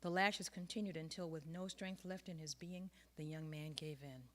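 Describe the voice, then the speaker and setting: A woman author reading her own personal essay aloud in a measured, earnest way. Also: deep voice, flat delivery, fairly bright tone.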